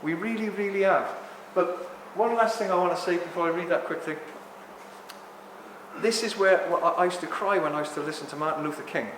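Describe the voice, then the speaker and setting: A man in his sixties talking to a live audience in a rambling, animated way, often apologizing for ranting. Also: high-pitched, a little fast, slight background noise. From England. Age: 60s. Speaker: speaker at a talk. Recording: echoey hall with long reverb.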